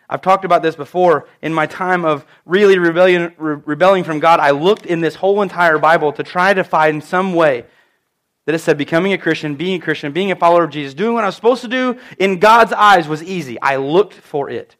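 Male preacher, light high voice, emphatic storytelling sermon. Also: brisk, a bit bright.

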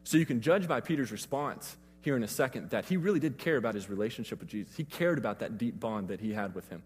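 A man's voice: mid-range voice, lively intonation, fast talker, in a large hall, soft background music. A man preaching a sermon, retelling scripture in a casual, conversational way.

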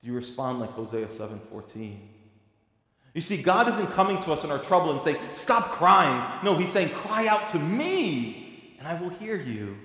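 A man's voice: a little high, very animated, normal speed. Preaching man in an echoey hall. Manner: swings between quiet reflection and loud emphatic preaching. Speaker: pastor. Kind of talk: sermon. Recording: echoey hall with long reverb.

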